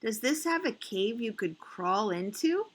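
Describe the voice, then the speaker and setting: Woman teacher, unhurried and patient, repeats questions for young students. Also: fairly high pitch, sing-song, breathy edge. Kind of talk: recorded math lesson for children.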